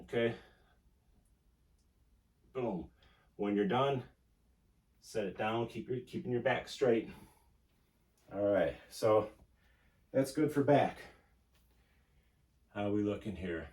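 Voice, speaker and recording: Guy coaching a home workout while doing it, lowish voice, roomy and kinda far from the mic. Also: slow pace, long pauses, darkish tone. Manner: coaching, talks while exercising. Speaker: fitness instructor. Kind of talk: casual workout instruction. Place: indoor home room. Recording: echoey room, distant mic.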